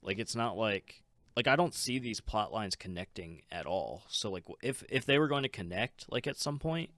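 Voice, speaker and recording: A man co-hosting a podcast, talking in a relaxed, halting way full of fillers. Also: fairly low pitch, no echo, clean studio sound. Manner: relaxed, hesitant, many fillers. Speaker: podcast co-host. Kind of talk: casual chat.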